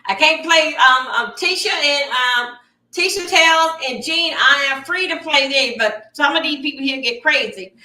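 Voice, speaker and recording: A woman's voice: sits high, measured pace, bright, forceful tone. A woman hosting a live stream, reacting to clips in a dramatic, exclamatory way and talking straight to her viewers. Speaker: livestream host. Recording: echoey room, distant mic.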